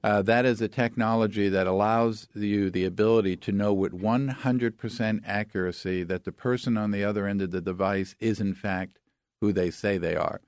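A man with a lowish, darkish, clear and resonant voice speaks at a moderate pace with fairly even intonation, recorded dry at studio quality. As an expert guest in an explanatory interview, he lays things out authoritatively through step-by-step examples.

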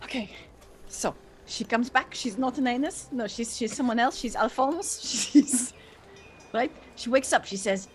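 A woman's voice: a little high, slight background noise. A woman playing in a tabletop game, playful and giggly, teasing the others. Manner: playful and giggly, quick to tease. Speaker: player.

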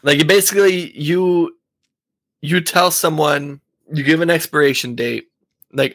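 A man's voice: a little high, a little slow, a bit bright, dry recording. Loose, profane man on a dry mic. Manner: loose, profane, laughs often. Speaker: podcast co-host. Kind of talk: casual chat.

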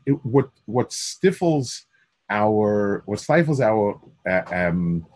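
A man's voice: on the low side, darkish tone, husky. An older man teaching a Torah class, mixing Hebrew phrases into English with frequent restarts.

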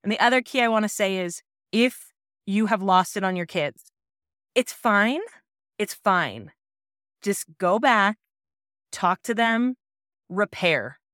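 A woman in her thirties hosting a parenting podcast, telling a personal story in a gentle, earnest, reassuring way. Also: medium pitch, a little slow, smooth, no room sound, studio quality. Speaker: podcast host.

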